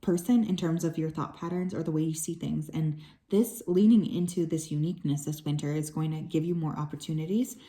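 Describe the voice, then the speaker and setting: A woman with a low, warm voice talks through a tarot reading for her viewers. She is relaxed and conversational, drifting into asides and filling pauses as she goes. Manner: relaxed and chatty, with frequent fillers and soft asides. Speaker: tarot reader.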